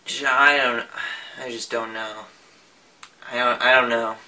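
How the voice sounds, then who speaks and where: A man's voice: mid-range voice, steady tone, a little slow, bright, forceful tone. A young man talking casually in a vlog, rambling with frequent restarts and fillers. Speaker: vlogger. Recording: voice a bit far from the mic.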